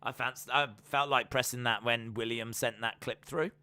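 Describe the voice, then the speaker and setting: A man's voice: mid-range voice, steady tone, normal speed, few pauses, pushed and bright, no echo. A man chatting casually on a live reaction stream, repeating himself often as he talks. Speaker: streamer hosting a watch-along.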